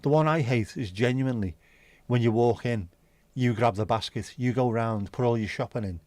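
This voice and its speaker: A man's voice: mid-range voice, moderate pace, darkish tone, no echo. A man hosting a casual livestream, rambling chattily with sweary asides. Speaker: livestream host. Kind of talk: casual solo livestream chat. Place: home.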